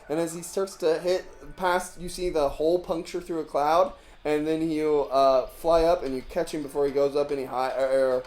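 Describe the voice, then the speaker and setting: A man narrating as game master, animated and laughing often, with faint music behind. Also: on the high side. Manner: animated, laughs often, acts out villains in yelps.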